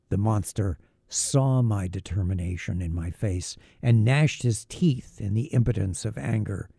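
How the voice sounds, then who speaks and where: A man narrating a novel in first person, with a measured, grave, literary reading. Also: on the low side, creaky, warm tone, breathy edge, no room sound, clean studio sound. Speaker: audiobook narrator.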